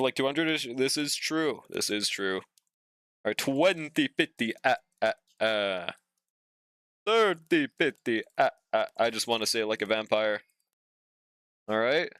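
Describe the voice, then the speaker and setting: A man's voice: mid-range voice, a bit bright, clean tone, no room sound, clean studio sound. A man streaming a game and chatting casually with his viewers, laid-back and slangy, swearing now and then and humming while he waits. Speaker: streamer reading chat. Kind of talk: casual live-stream chat while playing.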